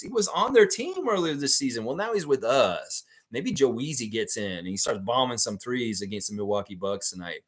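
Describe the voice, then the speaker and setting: Animated, swearing fan-stream host man. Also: medium pitch, moderate pace, few pauses. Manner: animated, swears casually, many fillers. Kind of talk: live stream chat reading.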